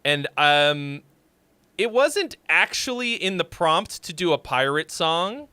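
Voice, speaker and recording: A man hosting a casual livestream, rambling and joking as he reviews songs, now and then shouting a greeting. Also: fairly high pitch, sing-song, takes it slowly, clean tone, dry recording. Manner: rambling, jokey, with sudden loud shouts.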